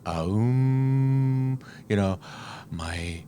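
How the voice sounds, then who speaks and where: A man's voice: mid-range voice, drawn-out words, slight background noise. A man co-hosting a podcast, chatting casually and acting out little scenes as he talks. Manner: animated storyteller, acts out quoted voices. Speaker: podcast co-host. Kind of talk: casual chat.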